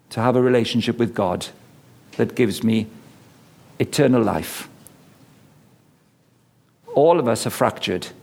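A man's voice: on the low side, gravelly, darkish tone. A middle-aged man preaching a sermon, telling stories, acting out the voices he quotes and driving points home with repetition. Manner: storytelling, acts out quoted voices, emphatic repetition.

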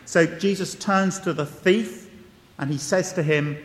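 High-voiced preacher in a reverberant hall. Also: male voice, a little slow. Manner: conversational, wry asides, emphatic repetition. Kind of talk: sermon. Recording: long reverb of a large hall.

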